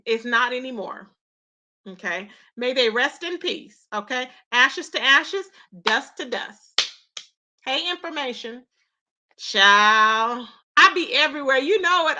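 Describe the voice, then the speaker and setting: Bright, high, animated woman gossiping. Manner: animated, loud exclamations and retold quotes. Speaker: live-stream host. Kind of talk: casual live-stream gossip chat.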